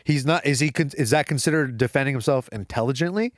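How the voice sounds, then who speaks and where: A man co-hosting a casual sports podcast, talking in an excitable way and swearing freely. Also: medium pitch, fast talker, dry recording, clean studio sound. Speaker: podcast co-host. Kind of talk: casual chat.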